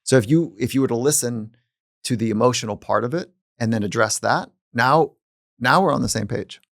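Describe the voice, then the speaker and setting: A man who is a psychologist and podcast host, talking in a calm, reflective way in casual conversation. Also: mid-range voice, fairly quick, gravelly, dry recording, clean studio sound. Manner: calm and reflective, speaking at length.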